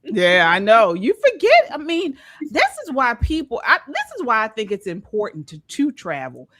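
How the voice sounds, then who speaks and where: A middle-aged woman hosts a casual commentary chat in an earnest tone, her pitch swinging widely as she talks. She often stumbles and restarts her phrases. The sound is dry and close. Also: wildly swooping pitch, normal speed, a bit bright, dry recording. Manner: earnest, many restarts and repeated words. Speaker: host.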